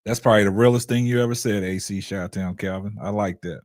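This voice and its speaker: A man hosting a casual livestream talk show, loose and lively, reading out viewer donations and taking calls. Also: lowish voice, quick pace, soft background music. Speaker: show host.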